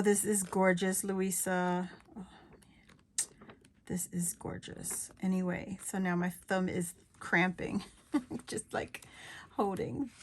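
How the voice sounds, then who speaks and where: A woman showing off craft paper in a casual haul video, gushing with delight, dropping into soft asides and a little out of breath. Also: mid-range voice. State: a bit out of breath. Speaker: craft vlogger.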